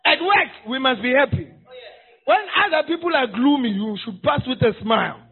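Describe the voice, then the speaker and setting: High-voiced pastor, tinny sound. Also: male voice, moderate pace. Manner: animated and humorous, shouting for emphasis. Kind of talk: sermon.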